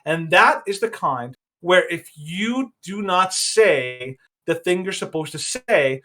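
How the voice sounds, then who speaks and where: A man's voice: high-pitched, expressive, slow pace, pushed and bright. A man hosting a podcast, giving rambling, opinionated commentary with frequent restarts. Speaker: podcast host.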